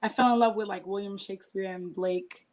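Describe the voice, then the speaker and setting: A woman's voice: mid-range voice, fairly even intonation, fairly quick, a little mellow. A woman being interviewed as a singer and poet, talking casually and filling her speech with "like". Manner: chatty, filler-heavy with frequent "like".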